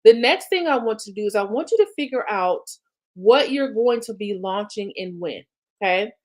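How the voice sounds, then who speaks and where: A woman's voice: medium pitch, animated, moderate pace, darkish tone. A woman business coach, talking viewers through planning in a chatty, encouraging way. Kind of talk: live-streamed coaching talk.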